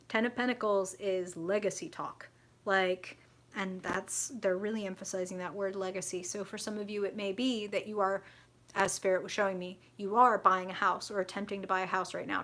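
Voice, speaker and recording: A woman's voice: medium pitch, a bit bright. A young adult woman hosting a live tarot reading, chatty and frank, swearing freely and answering viewer comments.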